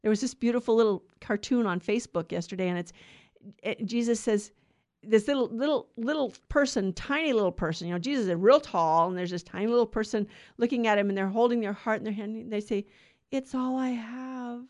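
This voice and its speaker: A woman's voice: mid-range voice, quick pace, a little mellow. A woman reading a gospel passage and then giving a chatty, conversational homily with small laughs. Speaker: preacher giving a gospel reflection. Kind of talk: informal homily.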